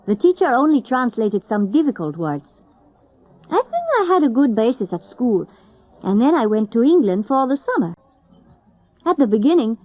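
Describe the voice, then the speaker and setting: A woman from Italy, a native Italian speaker, telling in measured simple sentences how she learned the language. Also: high-pitched, muffled recording.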